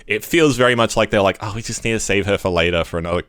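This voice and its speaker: Smooth low-voiced man chatting casually. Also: a bit bright, dry recording, studio quality. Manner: rambling, mimics characters in quick asides. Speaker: podcast co-host. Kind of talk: casual comic book discussion.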